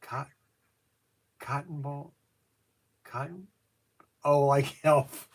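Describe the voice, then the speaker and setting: A man's voice: on the high side, steady tone, drawn-out words, breathy edge. A man running a toy shop livestream, chatty and jokey while making a phone call.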